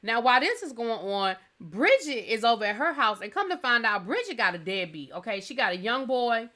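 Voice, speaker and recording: A woman's voice: fairly high pitch, big pitch swings, sharp tone. A woman hosting a TV review channel, recapping an episode in chatty, colloquial, playfully sassy talk. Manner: acts out lines in quick asides.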